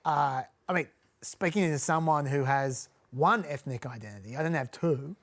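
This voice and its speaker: A man's voice: on the high side, moderate pace, a bit bright. An Australian man co-hosting a current affairs panel, arguing his point emphatically with a string of rhetorical questions. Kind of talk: analytical panel discussion.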